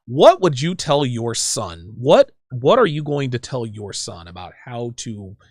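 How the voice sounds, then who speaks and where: A man's voice: mid-range voice, sing-song, measured pace, a little mellow, no room sound, studio quality. A man hosting a podcast, asking his guests playful, teasing questions in casual chat. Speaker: podcast host.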